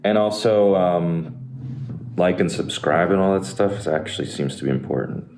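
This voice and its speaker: A man's voice: low voice, normal speed, a little mellow. A man doing a rambling, self-deprecating plug for his podcast in a room above a restaurant. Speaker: podcast host. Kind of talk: casual ad read. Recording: echoey room with faint noise.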